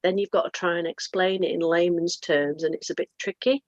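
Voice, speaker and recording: A woman with a British accent hosting a casual group chat, chatty and quick to laugh. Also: on the low side, no echo. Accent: British English. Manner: chatty, laughs often, lively asides. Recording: dull lo-fi dry sound.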